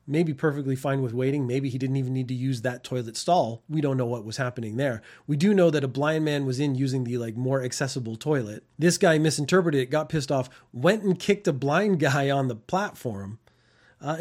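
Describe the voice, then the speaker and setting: A man's voice: medium pitch, lively intonation, fairly quick, darkish tone. A man in his fifties giving casual commentary on news stories, wry and rambling, laughing at his own tangents. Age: 50s.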